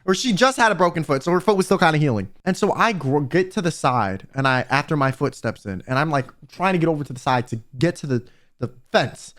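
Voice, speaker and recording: A young man tells a story to his viewers in a high, animated voice that swings up and down. He sounds exasperated and talks straight to the listener, casual and chatty. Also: quick pace. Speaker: vtuber storyteller.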